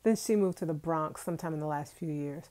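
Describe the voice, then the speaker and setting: A woman in her forties, originally from Brooklyn, talks into a handheld phone in a relaxed live chat with her viewers. Her voice is warm and mellow. She laughs easily and keeps answering comments as they come in. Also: sits low, quick pace. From Brooklyn, New York. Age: 40s. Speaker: vlogger. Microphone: phone held in hand.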